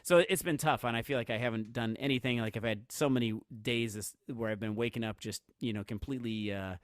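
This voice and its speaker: A man's voice: mid-range voice, fast talker, clean tone, dry recording, studio quality. Rambling, chatty podcast co-host man. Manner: rambling and chatty, with frequent fillers and restarts; laughs easily while telling stories. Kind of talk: casual podcast chat.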